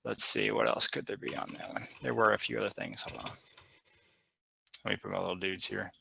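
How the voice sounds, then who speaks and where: A man narrating as game master of a tabletop game, rambling and halting with many fillers. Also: fairly low pitch, fairly even intonation, creaky, sharp tone, breathy edge, no room sound.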